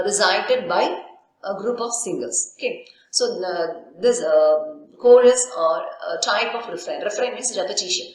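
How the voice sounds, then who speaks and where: Lecturing woman in a very echoey room. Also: mid-range voice. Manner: explains with frequent "okay" and rhetorical questions. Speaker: university lecturer. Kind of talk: recorded literature lecture.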